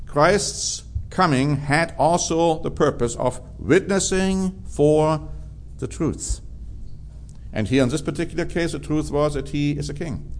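A man's voice: a little high, slight background noise. A man preaching a sermon, drawing out key words for emphasis.

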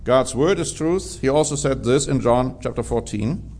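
A man's voice: medium pitch, normal speed, darkish tone. A man preaching a sermon, drawing out key words for emphasis.

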